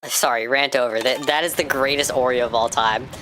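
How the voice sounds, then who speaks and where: An American woman streamer in casual live-stream chat while gaming, ranting excitably and swearing freely. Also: very deep voice, a little fast, no echo. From United States.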